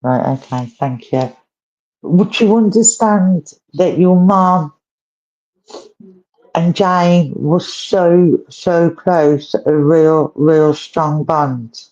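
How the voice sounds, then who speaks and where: A woman gives a live mediumship reading at a very slow, unhurried pace. Her phrasing is halting and repetitive, full of soft questions to the sitter. The stream audio is muffled and lo-fi. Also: low voice. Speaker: psychic medium.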